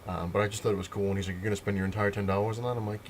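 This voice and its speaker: Fast-talking deep-voiced New man. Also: slight background noise. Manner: rambling, filler-heavy retelling. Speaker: comic collector vlogger. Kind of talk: casual storytelling to camera.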